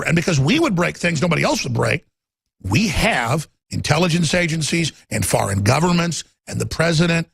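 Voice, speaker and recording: A man's voice: a little high, gravelly, a bit bright, slightly rough, no echo. A middle-aged man hosting a talk radio show, ranting heatedly about politics in a studio, repeating words and acting out quotes.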